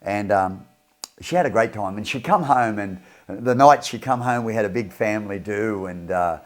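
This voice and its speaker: A man's voice: on the low side, moderate pace. A middle-aged Australian man giving a casual motivational talk, enthusiastic and repetitive, rambling as he tells stories. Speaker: motivational speaker.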